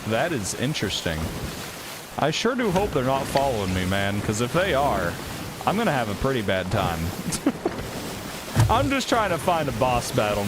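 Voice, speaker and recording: A man's voice: mid-range voice, heavy background noise. A man streaming a game, chatting casually, swearing freely and thinking aloud as he plays. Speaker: gaming streamer. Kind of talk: casual live-stream commentary. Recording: loud game audio under the voice. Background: loud sea and ship sounds from the game.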